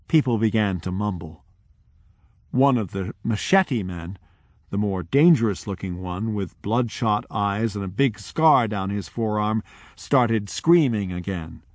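A man who is a researcher, telling a story from his fieldwork in measured, deliberate narration. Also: on the low side, no echo. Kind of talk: storytelling talk.

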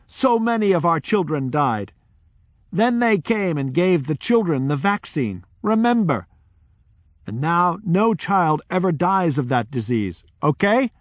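A man voicing a forceful woman of about fifty who loudly pleads with her fellow villagers, raised in pitch above his own voice. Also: no room sound. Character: fierce village grandmother around fifty.

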